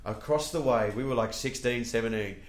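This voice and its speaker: Sweary Australian comic spinning a yarn. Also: male voice, medium pitch, a little fast, reverberant. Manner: swears freely, animated when telling stories. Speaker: comedian guest. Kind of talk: casual podcast storytelling.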